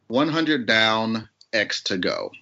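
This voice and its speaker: A man's voice: fairly low pitch, lively intonation, slow, pushed and bright, lo-fi sound. Wry man hosting a podcast game. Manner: wry, joking, with fillers. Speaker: game show host.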